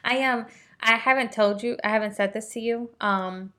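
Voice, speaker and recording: A woman's voice: fairly high pitch, moderate pace, a bit bright. A young woman co-hosting a podcast, chatting casually and emotionally, laughing through tears. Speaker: podcast co-host. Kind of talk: casual chat.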